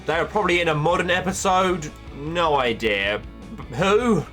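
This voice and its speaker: A man doing casual tier-list commentary as a YouTuber, offhand and jokey, firing off quick verdicts. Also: fairly high pitch, animated, fairly bright tone, faint music behind. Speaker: YouTuber ranking cartoon characters.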